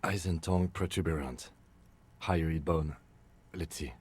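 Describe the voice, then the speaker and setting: Calm, clinical police lieutenant. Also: male voice, very deep voice, slight background noise. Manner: measured, clinical, dry. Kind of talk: video game voice acting. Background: faint game music.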